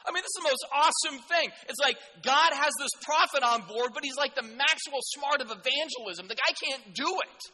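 A male preacher delivering a sermon in an animated, jokey, conversational way. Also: very high-pitched, fairly quick, hardly any pauses, long reverb tail.

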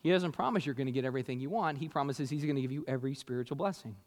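A man preaching a sermon as a pastor, energetic and conversational, with jokey asides to the congregation. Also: medium pitch, rapid-fire, long reverb tail.

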